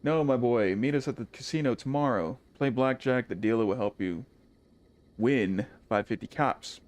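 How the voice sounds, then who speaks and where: A man's voice: on the high side, steady tone, a little fast, clean tone, natural voice. A man putting on a hammy posh British gent. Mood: pompous. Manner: hammy fake upper-class accent. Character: posh courteous British gentleman, male adult.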